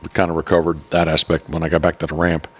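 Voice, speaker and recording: Brief: low-voiced male host, rambling, swears freely, casual podcast chat. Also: completely flat delivery, fast. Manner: rambling and profane, with many restarts. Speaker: podcast host and duck hunting guide.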